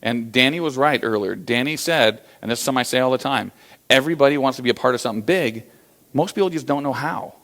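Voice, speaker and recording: Animated American man telling stories. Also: mid-range voice, quick pace. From USA. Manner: animated storyteller acting out quotes, many fillers. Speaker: motivational business speaker. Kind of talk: storytelling keynote talk.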